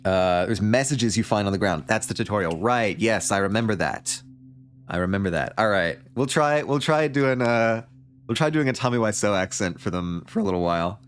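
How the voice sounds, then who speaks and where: A man's voice: lowish voice, animated, moderate pace, smooth. A man livestreaming a story game, reading it aloud and joking along in a rambling, casual way. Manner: joking, rambling, with frequent laughs. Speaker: streamer.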